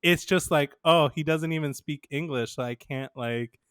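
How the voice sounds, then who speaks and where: A podcast co-host tells stories in casual chat, laughing often and acting out quotes with animation. His voice is on the high side, clear and resonant, at a moderate pace, recorded dry in a clean studio.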